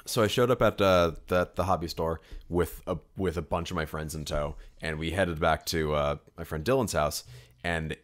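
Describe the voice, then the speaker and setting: A man with a deep, low voice co-hosts a casual podcast chat. He rambles through his stories with plenty of fillers, restarts and asides, in a relaxed, everyday way. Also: normal speed. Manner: rambling, filler-heavy storytelling. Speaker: podcast co-host.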